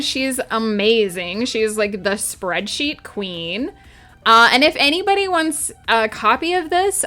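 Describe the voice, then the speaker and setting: Woman streamer, bright and unhurried, chatting with viewers over faint music. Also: mid-range voice. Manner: chatty, reads chat aloud and answers viewers. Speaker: writer streaming her planning. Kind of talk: casual livestream chat with viewers.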